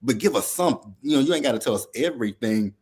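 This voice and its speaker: A man's voice: mid-range voice, animated, quick pace, husky. A man co-hosting a casual recap chat, blunt, profane and worked up as he talks. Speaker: podcast co-host.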